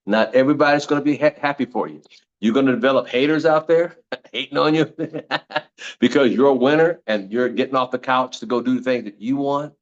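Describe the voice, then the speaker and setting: A man's voice: mid-range voice, brisk, muffled recording. An older man giving a motivational talk on network marketing, repeating slogans in an emphatic, preachy way.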